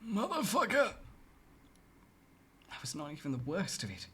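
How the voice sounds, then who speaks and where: A streamer reading a story game aloud and reacting with loud, swearing outbursts. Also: mid-range voice, lively intonation, fast, slightly rough.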